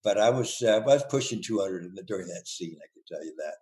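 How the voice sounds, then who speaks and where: A man's voice: low voice, lively intonation, quick pace, a little mellow. An older man, a guest in a casual podcast interview, telling playful, rambling stories and laughing often. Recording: roomy echo.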